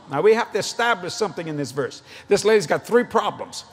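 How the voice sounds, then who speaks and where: A middle-aged man preaching a sermon at a convention, an animated, joking storyteller. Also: high voice, fast talker, few pauses, breathy edge.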